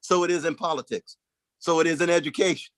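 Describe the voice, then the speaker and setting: A man's voice: fairly even intonation, fast talker, a bit bright, no room sound. A man giving an impassioned public talk, preacherly and rhythmic, mixing dramatic swells with folksy conversational asides. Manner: preacherly, rhythmic, with dramatic swings in pitch and volume. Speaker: guest speaker.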